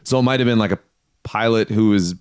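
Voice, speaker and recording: A man with a low, smooth and resonant voice hosts a casual podcast. He reads from his notes in a quick, offhand way and laughs at his own stumbles. The sound is close and dry. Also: a little mellow, dry recording. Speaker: podcast host. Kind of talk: casual conspiracy podcast chat.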